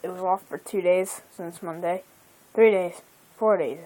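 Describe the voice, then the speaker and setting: A woman's voice: on the low side, fairly even intonation, background noise. A teenage girl vlogging outdoors into a phone, rambling with lots of ums and self-corrections. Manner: halting, rambling, many fillers and self-corrections. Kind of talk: casual rambling vlog. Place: outdoors by a house. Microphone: phone camera.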